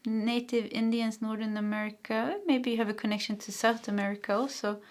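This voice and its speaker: A Swedish-born woman giving a pick-a-card tarot reading, encouraging and rambling, with many restarts and soft laughs. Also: a little high, little pitch movement, brisk. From Sweden. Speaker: tarot reader.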